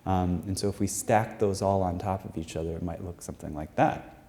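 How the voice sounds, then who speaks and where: An American man lectures from a stage, working through his points with many fillers and repeated words. His voice sits low and sounds mellow and relaxed. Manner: halting, many fillers and restarts, explanatory. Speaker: researcher presenting his study. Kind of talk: live lecture presentation. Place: performing arts center stage.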